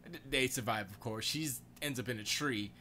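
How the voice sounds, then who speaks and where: A man hosting a live stream from his home studio, rambling in a loose, excitable, slangy way about games and movies. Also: mid-range voice, normal speed, a little hiss or hum. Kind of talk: casual gaming and movie chat.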